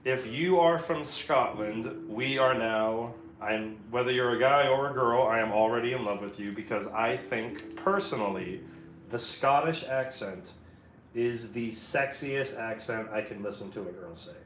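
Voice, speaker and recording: A man's voice: mid-range voice, a little slow, a bit bright, a little hiss or hum. A man chatting loosely and rambling on a live stream while he paints, with frequent swearing. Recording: echoey room with music in the background.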